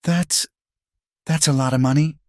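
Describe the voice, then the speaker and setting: A man's voice: low-pitched, animated, measured pace, a little mellow, dry recording, clean studio sound. A man voicing a fierce, protective frontier widow who speaks firmly in a storybook western. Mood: urgent.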